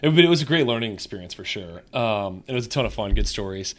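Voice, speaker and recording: Deep-voiced man, relaxed interview host. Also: quick pace. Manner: laughs along, adds short remarks. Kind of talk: casual podcast interview.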